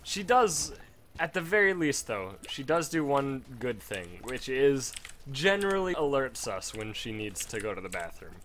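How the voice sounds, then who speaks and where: A man's voice: medium pitch, big pitch swings, measured pace, a bit bright. A man giving casual gameplay commentary from home at a desk mic, rambling into a profane story. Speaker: let's play gamer.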